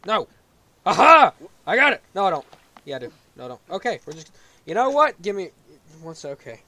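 A man playing a game on a video, commenting as he goes and yelling in frustration when he falls. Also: fairly high pitch, very animated, quick pace, no echo. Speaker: gaming YouTuber.

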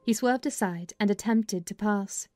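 A woman narrating a dramatized audiobook of a classic novel, with a measured, expressive storytelling manner. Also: medium pitch, no echo, faint music behind.

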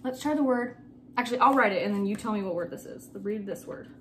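A woman teacher leads a recorded phonics lesson for children at an ordinary middle pitch. She explains step by step, patiently repeating the key words. A faint hum of noise sits under her voice, picked up by a camera mic. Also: fast talker, fairly bright tone.

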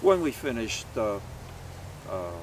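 A man's voice: lowish voice, big pitch swings, slow pace, distant mic, a little hiss or hum. A man from Canada, a polka musician, telling stories in a casual interview with many fillers. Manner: rambling, anecdotal, with many fillers.

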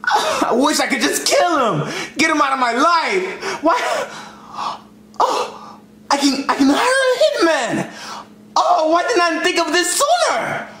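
A man voicing a hot-tempered, petulant male chef who rants, shouts and throws tantrums. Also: extremely high pitch, very animated, unhurried, echoey room, heavily acted. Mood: ranting.

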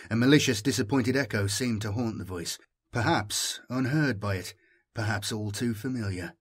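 Husky-voiced man narrating a dark tale. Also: fairly low pitch. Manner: measured, dramatic reading. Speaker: audiobook narrator. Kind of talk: scripted narration.

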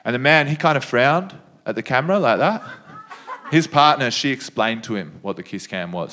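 A man's voice: medium pitch, animated, normal speed, bright, forceful tone. A young man with an Australian accent doing laid-back stand-up storytelling on stage. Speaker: stand-up comedian.

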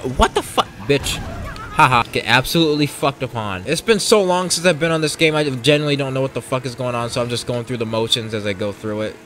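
A bright-voiced young man narrating a racing game as he plays, cursing freely and bursting into yells between low grumbles. His pitch swings widely, with faint game music underneath. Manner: profane, excitable, swings between shouting and muttering. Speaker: gameplay commentator. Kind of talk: casual let's play commentary.

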